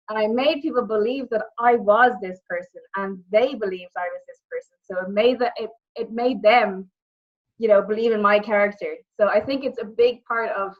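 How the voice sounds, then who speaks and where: A young woman with a Dublin Irish accent, a guest telling lively stories in a casual interview. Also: mid-range voice, brisk. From Ireland. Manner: animated storytelling, repeats words, acts out quotes. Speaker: interview guest, former wrestler and actress. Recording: muffled lo-fi audio.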